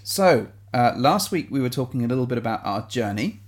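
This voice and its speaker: Fairly quick and sing-song, this English-accented co-host from England keeps a casual podcast playful with jokes and the odd burst of silly voices. His voice sits in the mid range.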